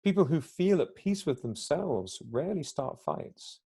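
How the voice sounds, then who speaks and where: A podcast guest talks at length in a mellow, warm, husky voice that sits a little high and swings widely in pitch. Unhurried and reflective, he explains his ideas conversationally, now and then acting out little quoted exchanges.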